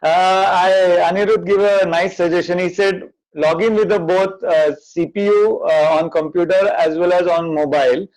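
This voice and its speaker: Loud Indian man hosting a webinar. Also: high-pitched, steady tone, poor audio. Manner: loud, hurried, practical. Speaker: webinar host, chef. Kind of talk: casual chat on a video call. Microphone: video call.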